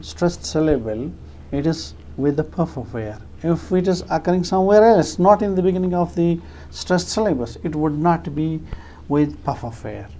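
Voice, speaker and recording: Lecturer, mellow tone, hesitant, repeats points while explaining. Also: medium pitch, gravelly, a little hiss or hum. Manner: halting, with frequent fillers and restarts; repeats key phrases for emphasis. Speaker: English teacher.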